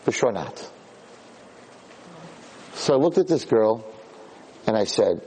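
A man, a rabbi, giving a lecture as an animated storyteller who acts out voices. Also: medium pitch, normal speed, long pauses, breathy edge.

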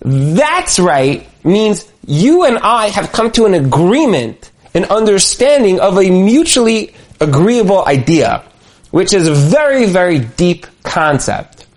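A man's voice: high-pitched, measured pace. A man giving a motivational talk on marriage, telling stories animatedly and repeating phrases for emphasis. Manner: animated storyteller, acts out quotes. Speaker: speaker on marriage.

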